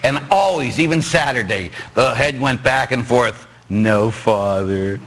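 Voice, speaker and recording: A man who is a Catholic priest, preaching a sermon with animated storytelling and sudden shouts. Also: mid-range voice, normal speed. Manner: animated storytelling, acts out dialogue, bursts into shouts.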